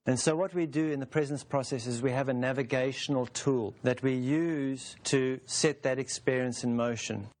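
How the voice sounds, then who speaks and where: A man in his forties leads a teaching session in an unhurried, explanatory way. His voice sits at an ordinary middle pitch, and he builds his points through everyday metaphors. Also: fairly even intonation, a little mellow. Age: 40s. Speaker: teacher of a self-help process. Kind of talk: calm spoken teaching session.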